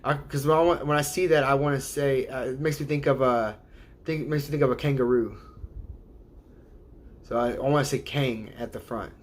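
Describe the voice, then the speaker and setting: A man's voice: medium pitch, fairly even intonation, normal speed. A man hosting a casual livestream, rambling and hesitant, laughing often as he sounds out viewers' names. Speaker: livestream host.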